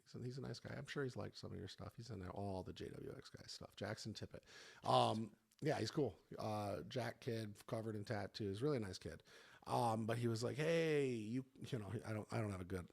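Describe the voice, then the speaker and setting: A man's voice: fairly low pitch, fairly quick, creaky, husky. A man hosting a podcast as a fitness coach, chatting loosely with laughter and swearing. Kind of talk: casual chat.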